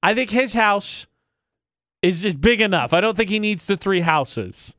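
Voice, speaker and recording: A man in his thirties riffs through casual morning radio banter, jokey and a little indignant, his voice sitting high and sounding smooth and clean. The studio mic keeps him close and dry, with no room sound behind. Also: expressive, measured pace, a bit bright, no room sound. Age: 30s. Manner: jokey, rambling, playfully indignant. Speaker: radio morning show co-host.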